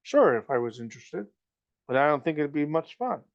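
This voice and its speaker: A man voicing a cocky, gruff smuggler who teases and scolds in a storybook reading. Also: on the high side, sing-song, a little fast, dull audio. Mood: teasing. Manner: gruff, stern, teasing. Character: cocky roguish male smuggler, gruff and teasing.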